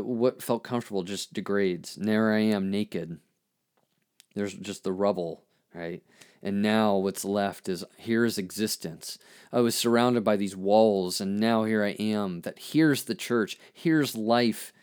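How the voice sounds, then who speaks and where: A man hosting a podcast, reflecting earnestly on his own poem in a halting way, with many restarts and fillers. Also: fairly low pitch, a little mellow, clear, resonant tone. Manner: earnest and searching. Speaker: podcast host and therapist.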